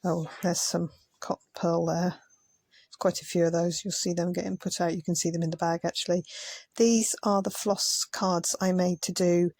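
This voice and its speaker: A woman's voice: on the low side, little pitch movement, moderate pace, darkish tone, no echo. A tired woman chatting casually as a craft vlogger, muttering asides as she sorts things. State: tired, yawning. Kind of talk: casual commentary over sped-up footage.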